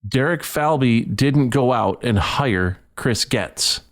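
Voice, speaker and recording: A male sports podcast host rants on his own show in a heated, indignant tone. His voice sits at an ordinary middle pitch, and he often repeats and stumbles over words as he builds his argument. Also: expressive, takes it slowly. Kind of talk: ranting solo sports podcast.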